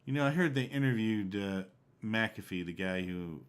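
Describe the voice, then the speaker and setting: A man's voice: lowish voice, expressive, moderate pace. A man streaming a game, chatting casually and rambling from one topic to the next. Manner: rambling, conversational. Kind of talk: casual live-stream chat.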